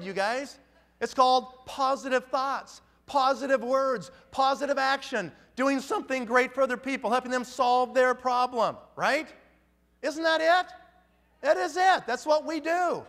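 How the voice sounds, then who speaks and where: A man's voice: extremely high pitch, measured pace, a bit bright, in a large hall. A man giving an emphatic motivational talk at a conference, firing off rhetorical questions. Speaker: motivational speaker.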